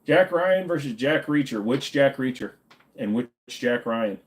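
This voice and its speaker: Man, livestream host, casual chat Q&A, joking, offhand, average pitch. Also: animated, measured pace. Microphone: desk microphone.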